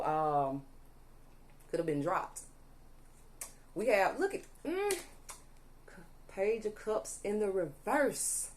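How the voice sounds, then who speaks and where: A young tarot reader reads cards for her viewers in a medium-pitched, darkish voice. She's emphatic and repetitive, often stopping to ask "okay?" and repeating "allegedly," and at times she sounds audibly angry.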